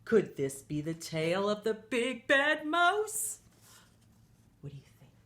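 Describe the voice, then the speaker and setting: Lady teacher reading a picture book to kids, slow and animated, lots of questions. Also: a little high. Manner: animated, asks children questions.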